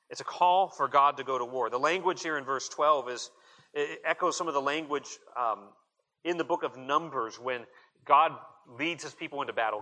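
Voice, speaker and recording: A man's voice: on the high side, expressive, normal speed, sharp tone, low-quality recording. A man preaching an earnest expository sermon, reading scripture aloud and emphatically voicing quoted prayers. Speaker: pastor.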